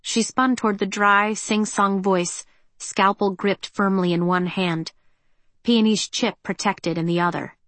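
A woman narrates an action-filled audiobook with a measured, tense, expressive delivery. Her pitch sits in the ordinary middle range. The recording is dry and close, with no room sound. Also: dry recording.

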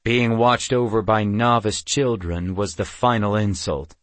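A man's voice: on the low side, steady tone, a little slow, no echo, lightly acted. A man voicing a grim antlered male beast-man chieftain who speaks in cold, formal sentences. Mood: stern.

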